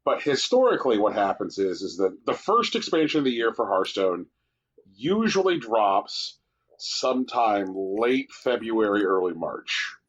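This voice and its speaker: A man's voice: lowish voice, very animated, a little slow, highs cut off. A man co-hosting a podcast, chatting casually and swearing as he spins jokey, mock-romantic stories. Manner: joking, swears, tells mock-romantic bits. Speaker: podcast co-host. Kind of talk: casual chat.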